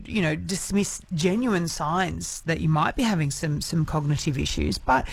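A woman's voice: low voice, lively intonation, normal speed, vocal fry, slightly rough, dry recording. A woman hosting a radio show in casual, chatty talk, often restarting her sentences. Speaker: radio host. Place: radio studio.

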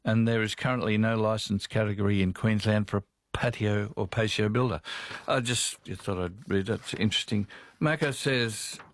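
Australian man, radio host, casual folksy chat, slightly low voice, dry sound. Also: fairly even intonation, normal speed, dry recording. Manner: chatty, folksy, reads listener messages aloud. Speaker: radio talk show host.

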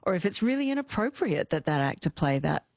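A middle-aged woman dialect coach in an interview, talking emphatically in quick bursts and laughing often. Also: on the low side, big pitch swings, vocal fry, darkish tone, no echo, studio quality. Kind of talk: animated interview chat.

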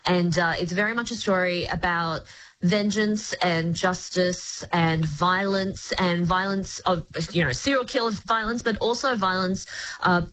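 A woman's voice: fairly low pitch, measured pace, low-quality recording. Chatty woman reviewing shows. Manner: articulate, lively, explains plots at length. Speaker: screen critic guest. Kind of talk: casual review chat.

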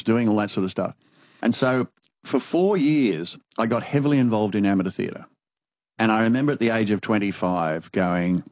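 An older man with an Australian accent spins his stories in a lowish voice and slips into other people's voices as he goes. The sound is dry and close. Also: no room sound. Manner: animated anecdotal storyteller, acts out dialogue. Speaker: interviewee. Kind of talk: storytelling conversation.

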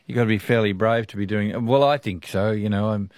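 An easygoing Australian man hosting a talkback radio show, chatty and quick to laugh. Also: on the low side, a little mellow, no echo. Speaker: radio host.

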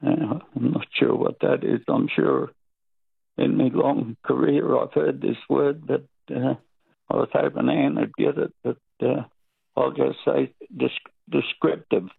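Husky, hesitant male caller; gravelly and tinny phone sound. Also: mid-range voice, fairly even intonation, unhurried, no echo. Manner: hesitant, unsure. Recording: phone line.

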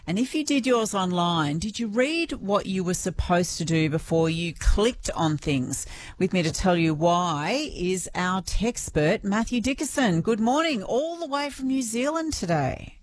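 A woman presenting morning radio in a friendly, conversational way. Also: lowish voice.

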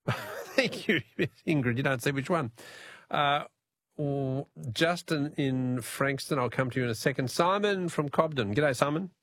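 A man's voice: on the high side, measured pace, a bit bright, no echo, studio quality. A man with an Australian accent, hosting a talkback radio quiz, chatting and laughing easily with callers. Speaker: radio host.

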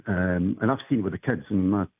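Glaswegian guy calling a radio show, deep husky voice, phone line sound. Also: fairly quick. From Scotland. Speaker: caller. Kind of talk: phone-in chat.

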